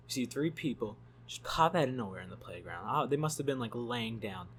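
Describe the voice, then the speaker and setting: A man telling a story for his channel in a loose, rambling way, swearing freely and laughing as he talks. His voice sits at an everyday middle pitch, with a faint hum in the background. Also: lively intonation, brisk, fairly bright tone. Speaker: YouTube storyteller. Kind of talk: casual storytelling vlog.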